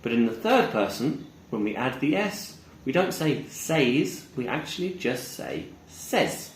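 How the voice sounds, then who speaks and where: A man teaching English pronunciation, slowly modeling words and repeating examples. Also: mid-range voice, big pitch swings, a little hiss or hum. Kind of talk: pronunciation lesson. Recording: echoey room with faint ambience.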